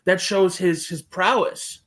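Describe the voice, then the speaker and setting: A man's voice: high-pitched, steady tone, takes it slowly, fairly bright tone. A man co-hosting a podcast in casual banter, ranting emphatically and swearing freely. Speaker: podcast co-host.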